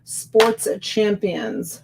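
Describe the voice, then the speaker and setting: A woman's voice: mid-range voice, extremely slow, vocal fry, slight background noise. A woman hosting a live reseller stream in casual chat, greeting viewers by name and reading their comments aloud. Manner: chatty and warm, greets viewers by name and laughs often. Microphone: USB desk microphone.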